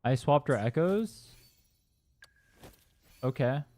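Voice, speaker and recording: A man's voice: mid-range voice, animated, slow, darkish tone. A man streaming a game live, commenting and answering chat with exasperated sarcasm.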